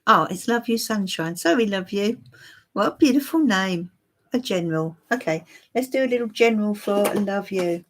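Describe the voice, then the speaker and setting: A woman's voice: medium pitch, lively intonation, moderate pace. A woman giving a live-stream tarot reading for viewers, musing and hesitant with many fillers. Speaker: tarot reader.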